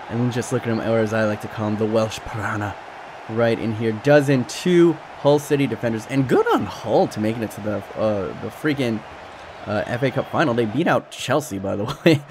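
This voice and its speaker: A man giving excited, casual commentary over a football video game, often jumping to high yelps. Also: background noise. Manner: animated, jumps to high-pitched yelps when excited. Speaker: gaming YouTuber.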